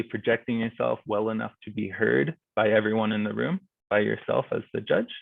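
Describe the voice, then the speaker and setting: Gravelly young man on a thin call line. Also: mid-range voice, no room sound. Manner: casual, explanatory, many fillers like "like" and "kinda". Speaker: guest speaker on speech and debate judging. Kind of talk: informal presentation at a virtual club meeting. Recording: thin phone-like video call audio.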